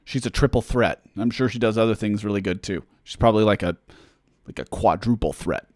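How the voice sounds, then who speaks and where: A man's voice: on the low side, fairly quick, darkish tone, dry recording. Rambling man chatting on a livestream. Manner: rambling, filler-heavy, self-deprecating humor. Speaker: musician answering fan questions. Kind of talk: casual livestream chat.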